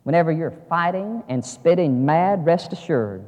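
A man preaching a sermon, shifting between quiet storytelling and loud, fervent exhortation. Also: fairly high pitch, animated, moderate pace, big-room sound, muffled recording. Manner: swings from hushed reading to loud fervent preaching. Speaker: pastor.

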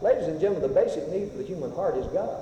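A man preaching a sermon, swinging between loud rising passages and hushed, slow whispers. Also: on the high side, expressive, slight background noise. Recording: echoey hall, faint ambience.

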